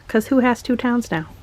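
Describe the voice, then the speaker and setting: A woman's voice: on the high side, expressive, slow, background noise. A young woman with a Minnesotan accent chats through a home vlog. She gushes and rambles and leans on fillers as she talks. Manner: chatty and gushing, many fillers. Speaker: vlogger. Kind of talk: casual vlog chat.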